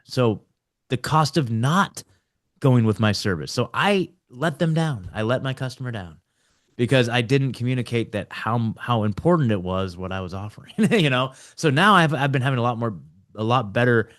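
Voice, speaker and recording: A young adult man hosting a casual roundtable chat, rambling with frequent restarts, often saying like and dude. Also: medium pitch. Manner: rambling, laughing, restarts a lot. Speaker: podcast host.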